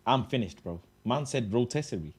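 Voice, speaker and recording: A man hosting a fan reaction show, chatting casually and excitably, repeating himself. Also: medium pitch, fairly quick, husky. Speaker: host of a fan reaction channel.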